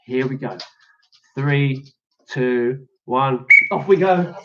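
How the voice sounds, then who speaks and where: A man presenting a lively children's activity show, teasing and cheering on kids at home, then reading a storybook aloud. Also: mid-range voice, slow pace, highs cut off, very noisy. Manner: playful, teasing, encouraging, calls out to children at home. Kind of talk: energetic kids' exercise show with storybook reading.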